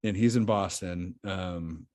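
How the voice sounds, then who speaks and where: Rambling low-voiced man telling a story. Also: takes it slowly, darkish tone. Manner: rambling, filler-heavy storytelling. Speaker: podcast guest. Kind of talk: casual chat.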